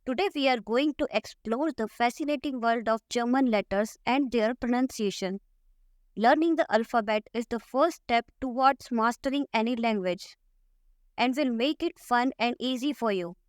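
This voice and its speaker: A woman teaching a language lesson, saying each letter and example word slowly and repeating them for the listener to copy. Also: a little high, no echo, clean studio sound. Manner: slow, careful, repeats each word for practice. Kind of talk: slow scripted alphabet lesson.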